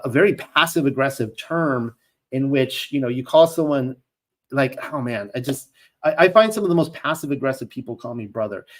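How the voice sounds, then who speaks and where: Man teaching scripture, casual and earnest. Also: mid-range voice. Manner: conversational, many fillers and restarts between solemn reading; reads old-style scripture in an earnest, measured tone. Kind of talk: reading scripture aloud with casual commentary.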